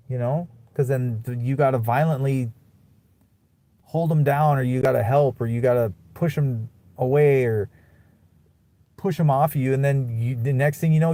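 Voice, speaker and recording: A man's voice: mid-range voice, warm tone. A young man ranting bitterly to camera in a casual vlog, muttering and then flaring into profane outbursts. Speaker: vlogger.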